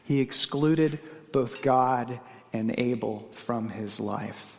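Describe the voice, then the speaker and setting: A pastor in a big-room setting delivers an earnest sermon, questioning the congregation and sharing personal anecdotes from his own life. His mid-range voice is a little mellow with vocal fry, and he takes his time.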